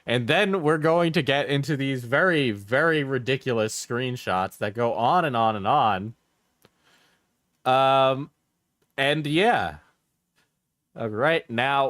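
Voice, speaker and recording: A man with a middle-pitched voice reads posts aloud during a casual live stream. He mixes the reading with offhand remarks. The sound is close and dry, as if from a desk mic. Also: fairly bright tone, no room sound.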